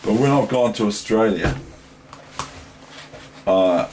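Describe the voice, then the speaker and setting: A man's voice: lowish voice, slow pace, darkish tone, slight background noise. A man from New Zealand with a New Zealand accent, giving a casual chess lesson in a rambling, digressive way, thinking aloud. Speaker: chess teacher.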